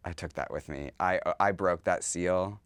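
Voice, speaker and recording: Smooth-voiced man telling candid stories. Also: low voice, moderate pace, dry recording. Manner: candid, animated storytelling, acts out other people's voices. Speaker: drag performer, podcast guest. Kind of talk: casual interview.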